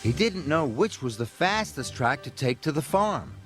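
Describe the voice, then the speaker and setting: A man narrating a children's train story in an expressive, measured storybook style. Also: on the high side. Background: music.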